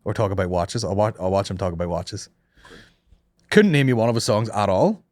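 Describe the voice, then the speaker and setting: A man's voice: on the low side, lively intonation, a little fast, darkish tone, dry recording, clean studio sound. A man hosting a comedy podcast, telling stories in casual, sweary banter and slipping into mock voices. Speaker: podcast host.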